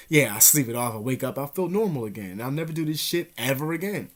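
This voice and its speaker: A young man casually telling a story to his vlog audience, slangy and profane, animated, sometimes dropping to a whisper. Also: mid-range voice, fast talker, few pauses. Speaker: vlogger.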